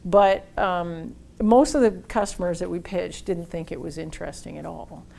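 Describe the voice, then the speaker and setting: A woman giving a marketing workshop talk, telling a lively, blunt story and acting out the dialogue. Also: lowish voice, moderate pace, vocal fry. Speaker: workshop speaker.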